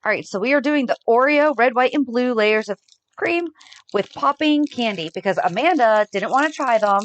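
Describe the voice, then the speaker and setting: A woman's voice: a little high, expressive, normal speed. A woman co-hosting a podcast in casual chat, bubbly and teasing as she runs a snack taste test. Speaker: podcast co-host.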